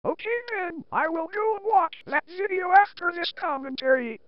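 A text-to-speech voice set to a woman, sitting extremely high and reading commentary in a flat, mocking way. The sound is dull and lo-fi, as if squeezed through a cheap output. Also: normal speed, no room sound. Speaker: commentary host.

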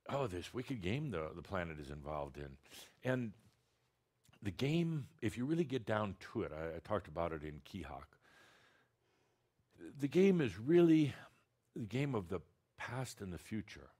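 A man's voice: low-pitched, sing-song, moderate pace, a little mellow, husky. A man channeling a spiritual teacher, talking to an audience in a blunt, direct, teasing way with many restarts.

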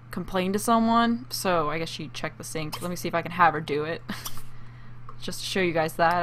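A woman talks her way through a gameplay session in a relaxed, chatty manner, often giggling at what happens on screen. Her voice is lowish but bright and forceful. A faint background hiss sits under the recording. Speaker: gameplay commentator. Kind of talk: casual let's-play commentary.

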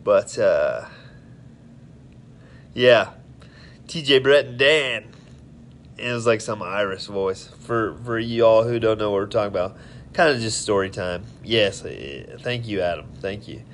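Laid-back low-voiced man chatting. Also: unhurried, slight background noise. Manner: rambling, friendly, tipsy storytelling. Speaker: live-stream host. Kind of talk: casual live-stream chat with viewers.

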